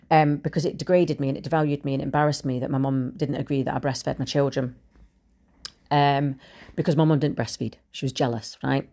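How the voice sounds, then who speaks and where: A woman's voice: rumbling low, steady tone, fairly quick, darkish tone. A middle-aged woman podcaster talking frankly and conversationally in a personal monologue, now and then swearing.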